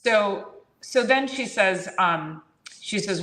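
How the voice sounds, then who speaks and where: A woman in a casual health chat, telling a story about a patient with lively swings in her voice and acting out each side of the dialogue. The sound is roomy, with clear echo around her voice. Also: lowish voice, takes it slowly. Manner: animated, acts out both sides of a conversation. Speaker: chiropractor and podcast host.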